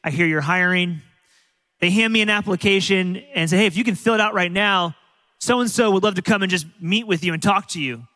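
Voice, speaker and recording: Bright, high-voiced male preacher in a hall. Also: brisk. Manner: animated storytelling with frequent restarts. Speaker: pastor. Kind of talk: sermon. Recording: long hall reverb.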